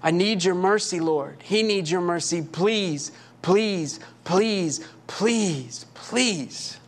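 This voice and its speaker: A man's voice: sits high, very slow, heavily acted. A man preaching acts out a desperate father who pleads again and again for his son. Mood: pleading. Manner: pleading, repeating himself.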